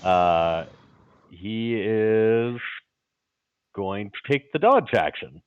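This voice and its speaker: A man playing a tabletop game, slowly calling his character's actions with joking asides. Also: lowish voice, lively intonation, clean tone, dry recording, dull audio. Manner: slow, deliberate turn calls with joking asides. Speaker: player.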